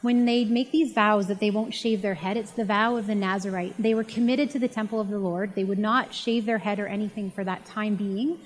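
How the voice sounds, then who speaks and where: A woman's voice: medium pitch, steady tone, a little fast, few pauses. A woman giving a casual, chatty Bible teaching and retelling the story in a conversational way. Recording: long reverb.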